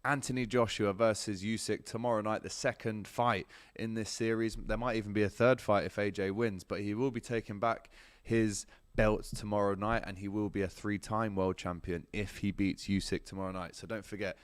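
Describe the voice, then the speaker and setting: Football transfer news and viewer comments are the topics for a male sports show host who chats casually at normal speed. His lowish voice is smooth and steady, he uses plenty of ums while addressing viewers directly, and there is no room sound.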